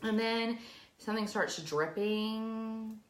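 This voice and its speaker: A woman's voice: on the high side, takes it slowly, echoey room. A woman co-hosting a casual chat show, telling embarrassing stories and acting out the scenes as she goes. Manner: animated storyteller, acts out scenes. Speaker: podcast co-host.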